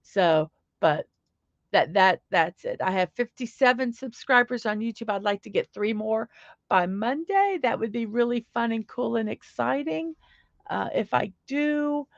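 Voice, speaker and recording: A middle-aged woman chatting on her morning livestream in an upbeat, rambling way, with a voice pitched a touch high. The sound is a bit dull and lo-fi, close and dry with no room echo. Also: lively intonation, unhurried, creaky. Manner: chatty, upbeat, reads chat aloud. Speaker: livestream host. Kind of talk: casual livestream chat.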